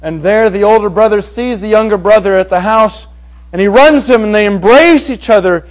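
A man preaching a sermon to a congregation, swinging from hushed passages to loud, emphatic ones. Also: high voice, a little fast, poor audio. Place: evening meeting before a congregation.

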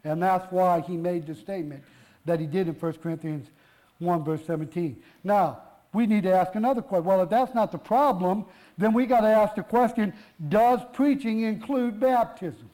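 A man's voice: sits high, normal speed, warm tone, rough recording. A man preaching a sermon, pressing his point with rhetorical questions and emphatic repetition.

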